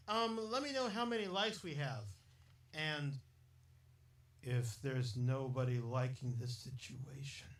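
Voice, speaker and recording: A man hosting a rambling solo podcast, chatty and jokey, laughing often and drifting into silly asides while reading out local history. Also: on the high side. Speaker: podcast host. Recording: echoey room, distant mic.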